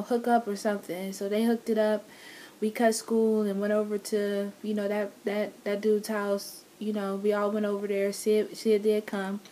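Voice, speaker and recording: A woman's voice: medium pitch, mellow, a little hiss or hum. A woman vlogger casually telling her love story, teasing and laughing with her partner.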